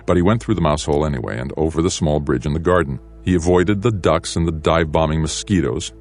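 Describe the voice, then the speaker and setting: Very deep-voiced man narrating an audiobook. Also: quick pace, few pauses, a little mellow, faint music behind.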